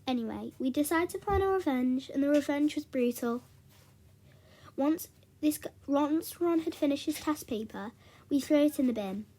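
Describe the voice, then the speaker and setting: A young woman with a slightly high voice tells a storytime in a loose, chatty way. She keeps restarting her sentences and falls back on "anyway, so" as she goes. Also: animated, moderate pace, mellow. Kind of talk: casual storytime narration.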